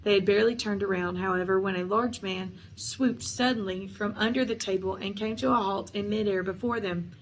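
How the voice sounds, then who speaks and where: A woman's voice: medium pitch, fairly even intonation, fairly quick, few pauses, a little hiss or hum, low-quality recording. Woman reading a story aloud. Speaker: narrator. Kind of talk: audiobook narration.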